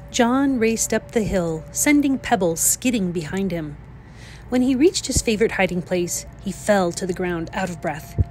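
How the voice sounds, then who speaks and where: A woman, a teacher, reading a children's picture book aloud in a clear, expressive way. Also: medium pitch, slight background noise. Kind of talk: read-aloud storybook narration.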